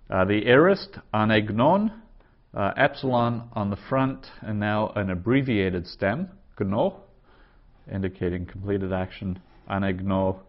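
A man's voice: sits low, highs cut off. A man teaching ancient Greek verb forms in a patient, methodical way, repeating each form aloud. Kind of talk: slow spoken grammar lesson.

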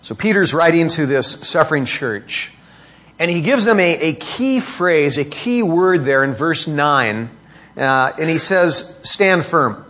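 A middle-aged pastor delivers a sermon, reading from scripture and unpacking it through rhetorical questions, his pitch climbing for emphasis. His delivery is expressive and unhurried, with a slightly bright tone.

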